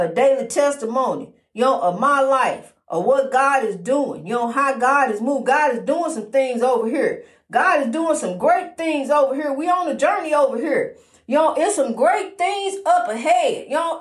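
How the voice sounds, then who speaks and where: A woman giving a daily inspirational testimony in a preacherly, repetitive, encouraging way, with many fillers. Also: high voice. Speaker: motivational speaker. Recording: roomy echo.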